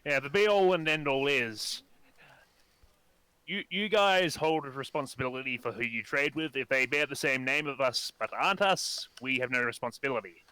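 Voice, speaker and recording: Calm man explaining with a bright tone. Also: medium pitch, smooth, no echo, rough recording. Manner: measured, explanatory. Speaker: co-host. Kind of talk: casual podcast chat.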